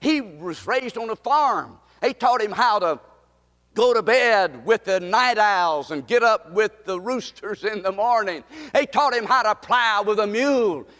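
High-voiced preacher in reverberant hall. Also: male voice, lively intonation, a little slow, a bit bright. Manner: impassioned preaching, repeats key phrases. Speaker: pastor. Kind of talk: sermon.

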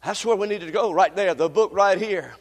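A man preaching a sermon emphatically, repeating phrases and rising to shouts, recorded in a church sanctuary. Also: high voice, fairly quick. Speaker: pastor. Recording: long reverb in a large hall.

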